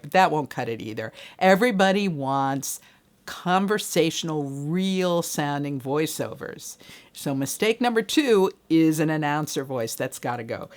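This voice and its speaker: A middle-aged woman voiceover coach, talking straight to the viewer in a friendly, conversational training video. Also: sits low. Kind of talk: direct-to-camera training video.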